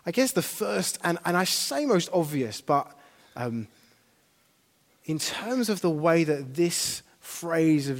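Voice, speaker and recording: A man preaching a sermon, conversational and animated, rising to emphatic declarations. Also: fairly high pitch, big-room sound.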